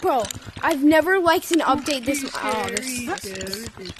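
A young woman talks over her VR gameplay in a very high, bouncy voice full of squeals and sudden exclamations. Her pitch leaps around constantly as she reacts. Game noise runs loudly underneath her. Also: lively intonation. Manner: squealing, exclaiming, quick mood swings. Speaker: gameplay vlogger. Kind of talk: excited VR gameplay commentary. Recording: noisy game audio behind.

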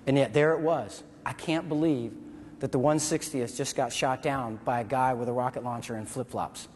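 A man's voice: medium pitch, fairly even intonation, moderate pace, a little mellow, a little hiss or hum. A man telling a vivid story in a speech, acting out sounds and voices. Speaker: veteran speaker. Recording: hall reverb.

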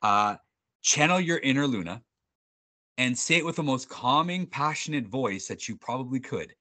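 Man, sales trainer, bright forceful voice, upbeat, animated, jokey, video call. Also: medium pitch, moderate pace. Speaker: sales trainer presenting a webinar. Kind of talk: energetic workshop presenting.

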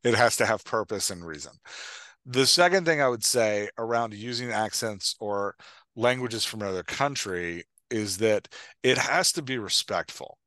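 Middle-aged male podcast co-host, bright and dry, thinks aloud with restarts. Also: lowish voice, animated, no room sound. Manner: thoughtful, halting, with many restarts and fillers. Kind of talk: casual chat.

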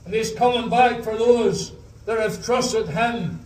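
High-voiced Northern Irish preacher pleading outdoors. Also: male voice, a little mellow. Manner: earnest pleading appeals, repeated "dear friend", slow drawn-out scripture quotes. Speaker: gospel preacher. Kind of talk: open-air gospel sermon. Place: outdoor harbour drive-in gospel meeting. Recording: echoey, voice from far off the mic.

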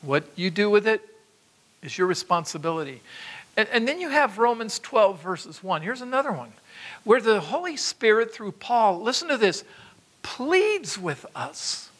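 A man's voice: high-pitched, sing-song, normal speed, a bit bright. A man preaching a sermon, exhorting his listeners with emphatic repetitions and asides to them. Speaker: pastor.

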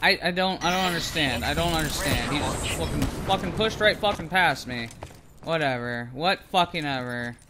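A gaming video host doing gameplay commentary, swearing constantly and raging at opponents between calmer rambling stretches. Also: mid-range voice, normal speed, noisy background.

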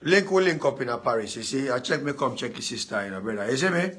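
A man's voice: mid-range voice, sing-song, fast talker, fairly bright tone. A Jamaican man being interviewed, talking boastfully and animatedly in casual chat with patois mixed in. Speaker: guest artist.

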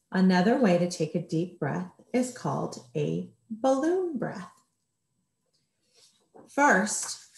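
A woman teacher giving a gentle distance-learning lesson to young children. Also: on the low side, vocal fry, roomy sound. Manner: gentle, slow, speaking to small children.

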